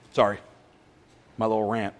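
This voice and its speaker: A man's voice: fairly low pitch, completely flat delivery, unhurried, long reverb tail. A man preaching a sermon in a casual, joking style, going off on playful rants. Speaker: pastor. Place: church hall.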